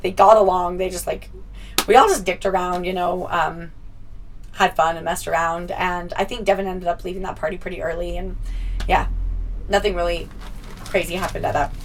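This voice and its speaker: A woman's voice: on the low side, creaky, recorded from a distance, slight background noise, low-quality recording. A young woman telling a casual storytime vlog, chatty, swearing freely and laughing often. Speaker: vlogger.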